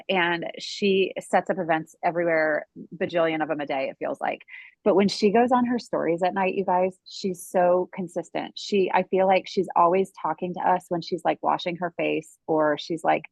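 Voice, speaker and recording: Woman co-host, motivating, filler-heavy, lowish voice, dry sound. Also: no echo. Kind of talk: casual advice chat.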